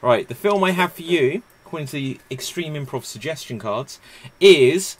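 A man's voice: fairly high pitch, animated, moderate pace. A man hosting a live-streamed improv show, chatty and self-mocking.

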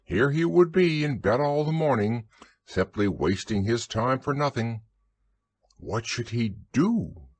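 A man narrating a bedtime children's audiobook in a soothing, expressive storytelling manner. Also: medium pitch, a little slow, no echo.

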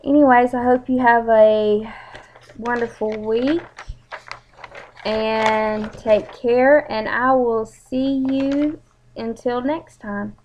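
A woman's voice: on the high side, fairly even intonation, slow pace, a little mellow, slight background noise. A young woman, chatting casually and a bit rambling as she introduces her channel. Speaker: vlogger. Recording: dull lo-fi home recording.

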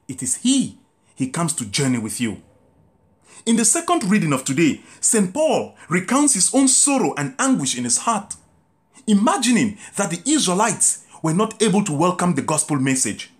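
Priest, sermon, very lively pitch, stretched emphatic lines. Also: male voice. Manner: preaching with drawn-out emphatic phrases and sudden lifts and drops. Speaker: Catholic priest.

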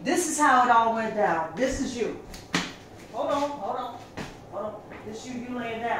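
A woman's voice: fairly high pitch, a little fast. A woman telling her side of a domestic spat, profane and acting out the scenes. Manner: animated, profane, acts out scenes. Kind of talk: casual comic vlog storytelling. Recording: very echoey room, far from mic, clear background noise.

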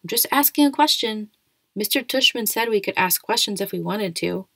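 Woman doing a bratty schoolboy bully, snide and mocking, a bit gravelly, dry close sound. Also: mid-range voice, animated, normal speed, fairly bright tone, no room sound. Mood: defensive. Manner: sneering, mocking questions. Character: snide, sarcastic ten-year-old schoolboy.

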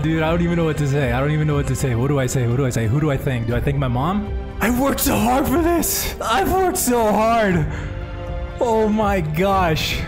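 A man streaming a video game live, talking casually and enthusiastically to his chat from home. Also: on the high side. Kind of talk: live gameplay commentary.

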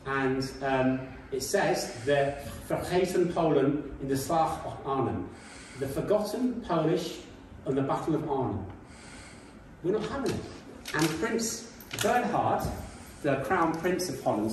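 A middle-aged man gives a guest talk in a school hall. His voice sits a bit high and reaches the mic from some distance. The room adds a very strong echo. He tells his story with emphasis and plenty of hesitations. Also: lively intonation, measured pace, darkish tone, a little hiss or hum. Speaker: guest speaker. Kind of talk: illustrated talk with slides. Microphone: speaking at a distance from the mic. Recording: very echoey hall, voice from far off.

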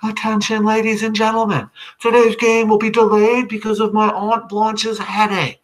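An excitable fourteen-year-old boy, as a man reads him aloud, in a high, bouncing voice. He calls his own imaginary ball game, loud and eager. His voice swings widely in pitch. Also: moderate pace. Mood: pleading. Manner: loud play-by-play announcing.

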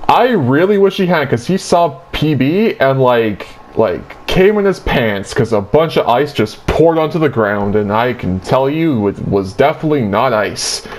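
A young man tells a dream story in casual chat, with a middle-pitched voice. He rambles crudely and loads his sentences with filler likes. A faint ambient noise hangs behind him. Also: animated, a little slow, few pauses. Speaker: host retelling his dream.

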